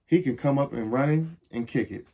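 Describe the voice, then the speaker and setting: A man's voice: medium pitch, fairly quick, warm tone, dull audio, natural voice. A man voicing a bossy, teasing cartoon girl in a storybook reading, with a sly sing-song manner.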